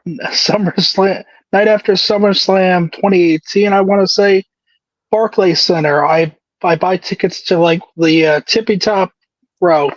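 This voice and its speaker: A man with a notably high voice, chatting casually as a podcast co-host. He tells his story quickly, with restarts. The sound is dry and dull, a bit lo-fi. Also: fairly even intonation, no echo. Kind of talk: casual chat.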